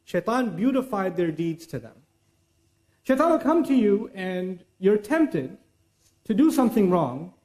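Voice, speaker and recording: A man giving a religious lecture in an animated, conversational way, now and then reciting Arabic verses. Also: high voice, unhurried. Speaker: Islamic lecturer.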